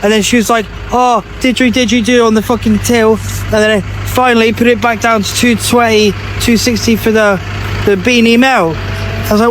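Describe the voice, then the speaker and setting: Man, vlog rant, indignant, heavy swearing, very high voice, faint background noise. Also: fairly even intonation, moderate pace, a bit bright.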